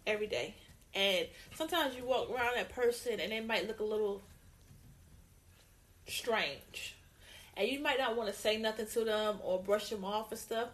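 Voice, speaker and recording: A woman co-hosting a casual opinion talk, emphatic and repeating her points, with lively put-on greetings. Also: on the high side. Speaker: co-host.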